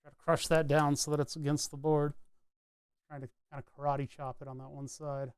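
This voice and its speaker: A man's voice: on the high side, flat delivery, a little fast, clean tone, no echo. Chatty man narrating his soldering. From New England. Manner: chatty, rambling, self-narrating as he works. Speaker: electronics hobbyist streamer. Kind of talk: casual talk while soldering.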